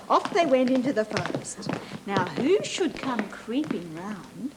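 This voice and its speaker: An Australian woman tells a story to small children, her voice swooping up and down as she coaxes answers with questions. Her pitch sits fairly high, and the old 1980s TV tape hisses throughout. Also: unhurried. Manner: animated, questioning, coaxing. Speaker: children's TV presenter.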